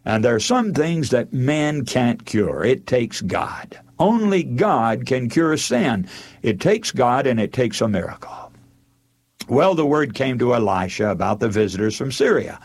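A man preaching a sermon, retelling a Bible story with animated storytelling and acting out the characters' lines. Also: medium pitch, unhurried.

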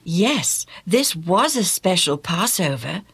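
A woman narrating a storybook tale in an animated, exclamatory way, often asking the listener questions. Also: fairly low pitch, takes it slowly, husky.

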